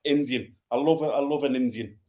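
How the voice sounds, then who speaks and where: A man's voice: medium pitch, a little fast, a little mellow. An English man, a former footballer, chatting on a podcast with blunt, dry humour. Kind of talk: casual chat.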